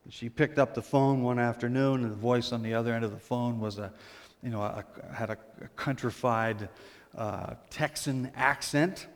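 A man pastor giving a humorous, storytelling sermon, dropping to a hush for emphasis. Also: mid-range voice, long reverb tail.

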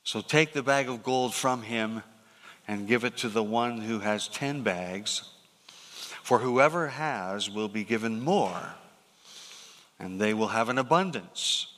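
A man reading the part of a stern, angry master who scolds a lazy servant, in a slow, grave and weighty way. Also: on the low side, lively intonation, a bit bright, in a large hall, voice pushed down.

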